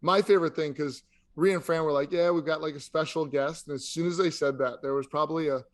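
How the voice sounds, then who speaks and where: A man's voice: a little high, steady tone, fast talker. Enthusiastic podcast co-host man. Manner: enthusiastic, filler-heavy. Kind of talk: casual chat.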